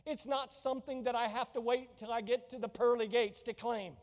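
A man's voice: very high-pitched, steady tone, brisk, long reverb tail. A man preaching a sermon as pastor, fervent and exclamatory, reading and explaining scripture.

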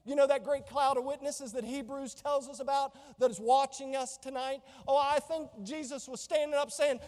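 A woman's voice: sits high, fairly even intonation, moderate pace, few pauses, darkish tone, in a large hall. A woman preaching a sermon with fervor, piling up rhetorical questions. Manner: fervent, stacked rhetorical questions.

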